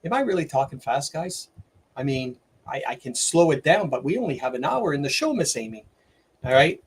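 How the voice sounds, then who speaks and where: A man's voice: fairly high pitch, a little fast, slightly rough. Middle-aged guy ranting on his stream, gets worked up, trips over his words a lot. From Canada. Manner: excitable, rambling rant with many restarts. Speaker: livestream host. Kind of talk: opinionated livestream commentary.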